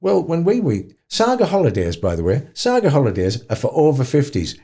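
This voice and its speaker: Animated Yorkshire man with a mellow voice. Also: normal speed, hardly any pauses, breathy edge. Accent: Yorkshire English. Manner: expressive, swoops high for quoted voices, self-mocking. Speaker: podcast guest, dementia advocate. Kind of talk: animated storytelling in conversation.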